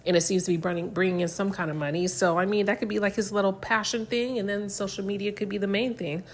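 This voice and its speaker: A woman's voice: mid-range voice, fairly even intonation, fast talker, a little hiss or hum. A young woman recapping a reality show in casual chat, with lots of "um" and "like". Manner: chatty, many fillers like "um" and "like".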